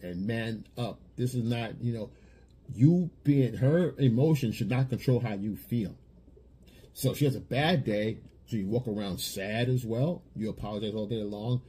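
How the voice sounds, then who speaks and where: A man with a warm, slightly husky voice delivers a monologue of relationship advice. He is blunt and lecturing, and he repeats phrases as he drives each point home. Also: medium pitch. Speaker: dating coach.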